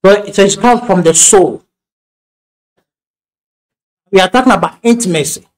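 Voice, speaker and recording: A man's voice: high voice, measured pace, rough recording. A man with a Ghanaian accent preaching a sermon in a church, telling homely stories with frequent restarts and laughing asides. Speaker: pastor.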